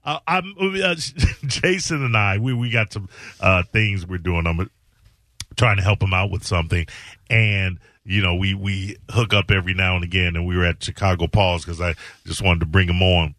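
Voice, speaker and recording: A man's voice: low-pitched, moderate pace, fairly bright tone, no room sound, studio quality. A man hosting a talk show, joking and self-mocking as he tells a story, losing his voice. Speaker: podcast host. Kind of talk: casual chat.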